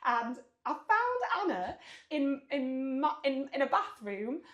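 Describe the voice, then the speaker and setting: A woman's voice: high-pitched, slow pace, roomy sound, lo-fi sound. A woman, co-hosting a casual podcast chat and telling stories animatedly, acting out what people said. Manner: animated storyteller, acts out quotes, laughs often. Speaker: podcast co-host.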